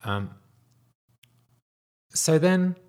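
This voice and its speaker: A man in his thirties casually telling a personal story, animated, sometimes dropping to a whisper. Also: very slow. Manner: animated, wide swings in pitch and loudness, drops to whispers.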